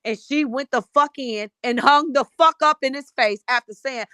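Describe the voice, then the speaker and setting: A woman's voice: high-pitched, normal speed, hardly any pauses, sharp tone, no room sound. Fiery, profane woman ranting. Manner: blunt, profane, fired-up ranting. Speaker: panelist. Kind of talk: heated live-stream commentary.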